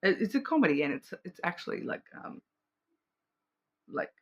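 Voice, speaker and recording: A woman's voice: on the low side, very animated, normal speed, breathy edge, highs cut off. An Australian woman giving a casual, intuitive card reading, rambling with many fillers and restarts. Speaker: card reader.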